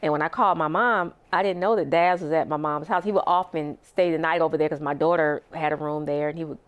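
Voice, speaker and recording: A middle-aged woman speaking as a guest in an interview, retelling a personal story with raw emotion. Her voice sits fairly low, and she acts out the words of others as she goes. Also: steady tone, quick pace. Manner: emotional, vivid retelling with acted-out quotes.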